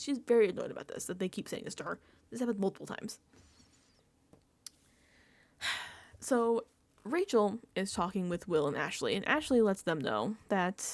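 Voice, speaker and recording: A woman giving a casual, emphatic reality-show recap and reaction, talking fast with lots of fillers. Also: mid-range voice. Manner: animated, emphatic, filler-heavy chatter. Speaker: recap vlogger.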